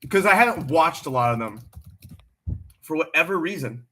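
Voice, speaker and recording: Male livestream host, bright forceful tone, blunt and animated, swears freely, casual off-the-cuff chat. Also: fairly high pitch, normal speed, slight background noise.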